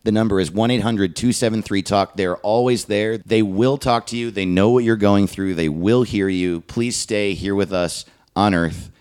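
A man's voice: lowish voice, moderate pace, few pauses, a little mellow. A man hosting a comedy podcast, chatting casually and laughing often as he riffs on jokes. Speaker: podcast host.

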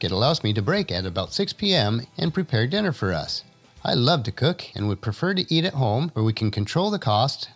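Earnest man narrating with lively pitch. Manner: earnest, measured, motivational delivery. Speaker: podcast host. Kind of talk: scripted inspirational podcast narration. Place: home studio.

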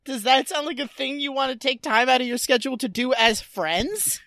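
A woman with a bright, fairly high voice chats casually as a podcast co-host. She recaps a TV episode with lively energy and acts out the characters' lines. The recording is close and dry. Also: brisk, creaky, hardly any pauses, no echo.

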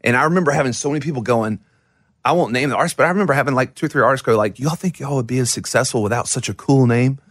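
A man's voice: medium pitch, very fast, a bit bright, dry recording. Male musician guest, rambling and self-deprecating, dry close sound. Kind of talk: casual interview storytelling.

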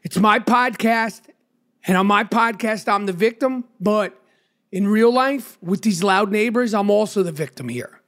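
Podcast host, male, high voice, blunt and foul-mouthed, nursing a sore throat. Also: measured pace, a bit bright. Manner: profane, blunt, pushy. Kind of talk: casual podcast banter.

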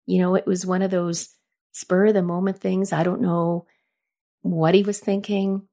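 With a dark tone and level delivery at normal speed, a middle-aged woman with a voice on the low side hosts a podcast of casual personal stories. She's chatty and reflective, acting out quoted lines in a raised voice.

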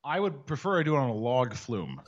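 A man talks sports and banter on a weekly podcast, wry and quick to mimic others. His pitch moves a lot, and the recording sounds a bit muffled and lo-fi. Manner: wry, animated, slips into mock voices. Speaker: podcast co-host.

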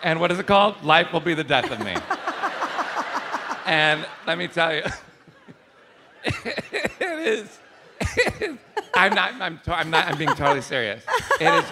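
A man's voice: fairly high pitch, noisy background. A man hosting a casual interview, telling stories animatedly, laughing often and swearing. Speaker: podcast host.

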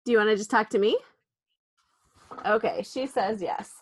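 A woman in her thirties chats on a podcast, patiently coaxing a shy child and laughing often. Her voice sits at a middling pitch and is recorded dry and close. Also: moderate pace, husky, dry recording. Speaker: podcast guest, mother. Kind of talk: casual podcast chat.

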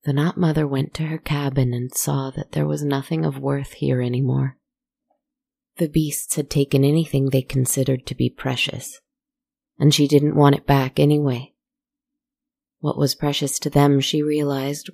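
Gravelly, dry-voiced storyteller. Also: mid-range voice, flat delivery, no room sound. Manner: soft, unhurried and reflective, with asides to the listener. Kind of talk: slow meditative story narration.

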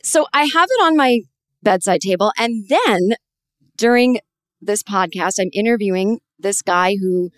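A woman in her forties hosting a podcast, telling a long personal story in a rambling, animated way with many restarts. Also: mid-range voice, unhurried, no room sound, clean studio sound. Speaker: podcast host. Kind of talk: conversational interview.

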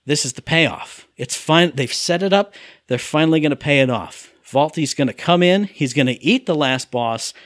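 A man rants animatedly in casual chat, his slightly high voice swinging widely as he acts out characters' lines. The sound is dry and close, with no room around it. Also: lively intonation, normal speed, fairly bright tone, dry recording. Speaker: podcast co-host reviewing a game. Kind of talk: casual chat, ranting review.

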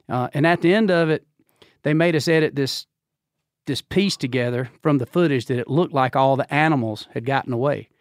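Speaking at a normal pace, this Georgia man in his fifties, Southern drawl and all, spins a long tale as a podcast guest in a casual storytelling chat. He performs the characters' lines himself, leaping in pitch and laughing as he goes. There's no echo, just clean studio sound.

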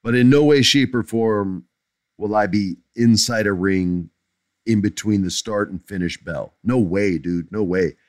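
A man's voice: fairly low pitch, a little slow, darkish tone, no echo, studio quality. A middle-aged man hosting a podcast, answering listener questions in blunt, emphatic casual chat that drifts into jokes.

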